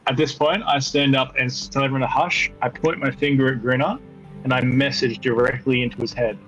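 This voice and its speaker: A man at a tabletop game talks through what his character does, pausing on fillers as he goes. His voice is mid-pitched, and faint music hums behind him. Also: fairly even intonation, a bit bright, highs cut off. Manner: describes his actions with hesitant fillers. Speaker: player. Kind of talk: casual tabletop game chat.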